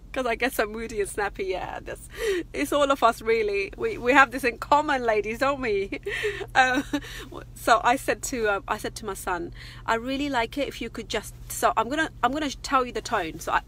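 A woman's voice: on the high side, a bit bright. A middle-aged woman chatting casually and confidingly on a live vlog from her parked car. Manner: chatty, confiding, laughs often. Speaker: vlogger.

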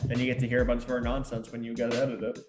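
A man's voice: medium pitch, monotone, very fast, darkish tone, faint music behind. A man co-hosting a football podcast, chatting in a matter-of-fact, friendly way. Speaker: podcast co-host. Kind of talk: casual chat.

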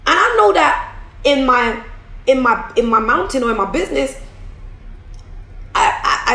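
A woman's voice: on the high side, a bit bright, echoey room, rough recording. A woman talking candidly to her viewers about running her business, often repeating and restarting as she goes. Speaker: business owner vlogger. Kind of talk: casual motivational talk to camera. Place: room at home.

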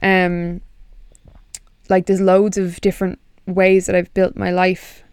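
A young woman with a husky voice, chatting casually and swearing a lot as a podcast host. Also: on the low side, takes it slowly, dry recording. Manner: sweary, animated, rambling. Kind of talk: casual chat.

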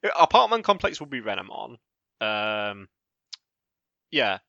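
A man's voice: on the low side, big pitch swings, vocal fry, fairly bright tone, dry recording. A British man chatting on a podcast, chuckling through his points and tripping over restarts. His voice comes through a dull, slightly muffled mic in a dry, dead room. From Britain. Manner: laughs often, halting restarts. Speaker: podcast co-host. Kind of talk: casual chat.

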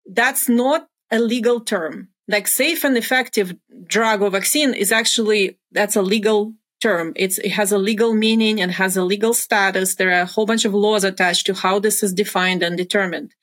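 A woman's voice: medium pitch, fairly even intonation, moderate pace, hardly any pauses, a bit bright. A middle-aged woman, a former pharmaceutical research executive, explaining things as an interview guest in earnest, careful steps.

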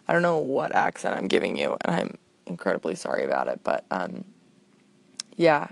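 A woman's voice: a bass voice, wildly swooping pitch, normal speed, gravelly. A young woman hosting a show, rambling through a comic voicemail in a chatty, self-deprecating way. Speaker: podcast host.

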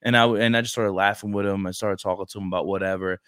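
A young man from Brooklyn hosting a casual podcast chat, slangy and animated, saying "bro" all the time. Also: on the low side, quick pace, smooth, dry recording, studio quality. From Brooklyn, New York. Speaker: podcast host, recruiter.

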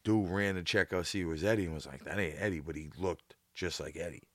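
A man's voice: low voice, fairly quick, fairly bright tone, no room sound, clean studio sound. A man co-hosting a podcast, telling a rambling, profane story in casual chat. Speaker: podcast co-host.

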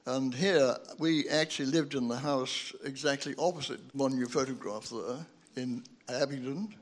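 An older man in the audience introduces himself and shares memories in a halting, hesitant way. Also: medium pitch. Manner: hesitant, halting, with many restarts. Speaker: audience member asking a question.

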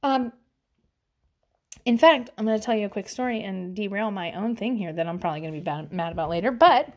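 A woman's voice: mid-range voice, fairly quick. A woman in her thirties with a Southern US accent, telling stories in a rambling casual chat with lots of fillers and frequent laughter.

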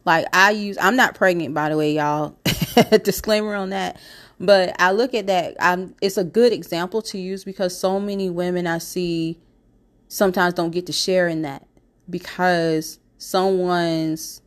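A woman with a stuffy, blocked-nose voice from a cold talks alone into her podcast mic. Her voice sits a little on the lower side. She rambles in a loose, casual way, filling gaps with "you know" and "like". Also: fairly even intonation, measured pace. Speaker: podcast host. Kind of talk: casual solo podcast talk.

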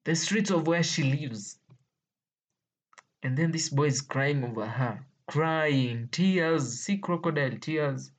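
A Kenyan-accented vlogger with a mid-range voice tells stories to viewers at a slow pace. She's playful and exclaims a lot, laughs often, and mixes Swahili slang into her English.

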